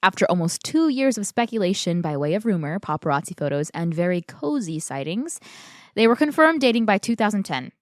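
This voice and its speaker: A woman's voice: mid-range voice, big pitch swings, brisk, no room sound. A woman co-hosting a film podcast in a casual chat, gushing and playful about her topic. Her voice sits in a middle register. It is recorded close and dry, with no room sound. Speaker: podcast co-host.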